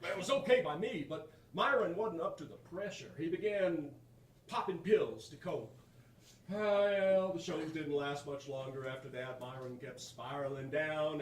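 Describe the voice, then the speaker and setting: A man playing an aging rock-and-roll king hiding in the mountains, in a live stage sketch, with a slow drawl that bursts into whoops. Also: fairly high pitch, a little hiss or hum, close to an everyday voice. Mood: wistful. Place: small community theater stage. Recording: echoey stage voice from far off.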